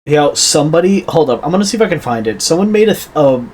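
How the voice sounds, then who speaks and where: A man's voice: on the high side, expressive, fast talker, darkish tone, slight background noise, rough recording. Giggly young man on a podcast. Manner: laughing, rambling, jokey. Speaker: podcast co-host. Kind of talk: casual chat.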